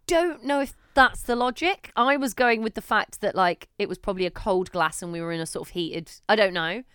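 A woman, co-hosting a casual podcast and telling a story in an animated way, swearing now and then and acting out what people said. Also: mid-range voice, fairly quick, clean tone, no room sound, clean studio sound. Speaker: podcast co-host. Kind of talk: casual chat.

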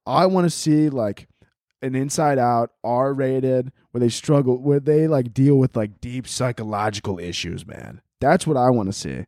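A man's voice: medium pitch, a little slow, darkish tone, dry recording, studio quality. Rambling, profane man on a podcast. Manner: rambling, profane, laughing often. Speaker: podcast host. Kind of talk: casual comedic storytelling.

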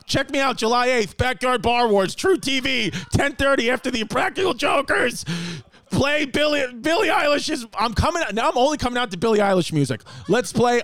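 High-pitched guy cracking jokes at home, rambly casual chat, super dry mic. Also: no echo. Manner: rambling, joking, animated. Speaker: podcast host. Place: home apartment.

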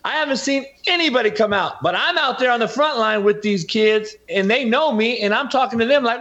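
A man's voice: very high voice, animated, a little fast, fairly bright tone. A middle-aged man, a football coach and podcaster, talking emphatically as a guest in an interview and often addressing the host by name. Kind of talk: impassioned interview talk. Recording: dull lo-fi audio.

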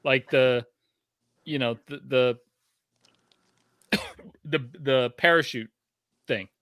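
A man's voice: mid-range voice, steady tone, extremely slow, pushed and bright, dry recording. A man co-hosting a casual podcast from his garage, rambling and swearing casually as he trails off and restarts. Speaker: podcast co-host. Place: home garage.

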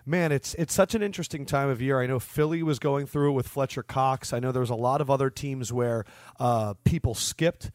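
A man's voice: medium pitch, a little fast, no echo, clean studio sound. A man in his early thirties co-hosting a podcast, chatting casually and acting out bits of dialogue in his stories. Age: 30s. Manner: animated storyteller, acts out dialogue. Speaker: podcast co-host. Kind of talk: casual chat.

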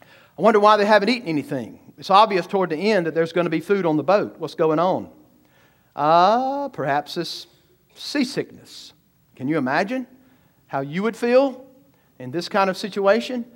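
A man delivers an expository sermon in a fairly high voice. He is emphatic and asks his listeners rhetorical questions. He shifts between slow, weighty phrases and quicker stretches. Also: animated. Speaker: pastor.

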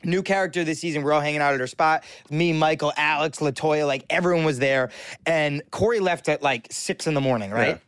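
A man hosting a podcast in casual chat, excitable and laughing, quick to jump in. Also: a little high, smooth, no echo. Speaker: podcast host.

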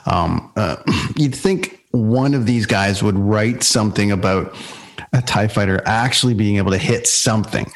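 A man's voice: fairly low pitch, normal speed, poor audio. A man on a podcast making wry, joking remarks in casual chat. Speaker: podcast panelist.

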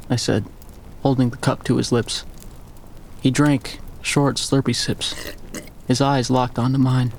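A man giving a measured, scripted first-person story narration. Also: mid-range voice, little pitch movement, creaky, a little hiss or hum.

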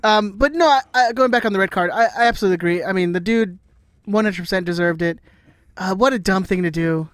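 A man co-hosting a casual sports podcast with quick, playful banter. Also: sits high, a bit bright, clean tone, dry recording. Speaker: podcast co-host.

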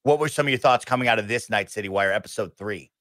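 A man's voice: lowish voice, fast, fairly bright tone, no echo. Upbeat male podcast host, dry sound. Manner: upbeat, playful introductions. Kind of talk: podcast hosting.

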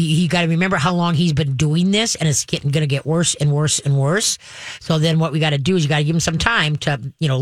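A woman's voice: low-pitched, no echo. Woman, dog trainer host, direct coaching, keeps checking "okay?", dry sound. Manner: direct, instructive, acts out calm dog commands; frequent checks like "okay?" and "all right?". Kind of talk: casual advice to a caller.

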